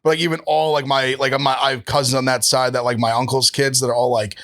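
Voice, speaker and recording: Young man, guest on a podcast, rapid rambling speech, lots of fillers and restarts. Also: medium pitch, little pitch movement, a bit bright. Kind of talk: casual food chat.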